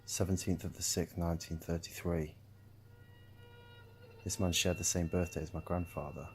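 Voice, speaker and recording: A man narrating a first-person horror story in a calm, measured way. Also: low-pitched. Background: faint guitar music.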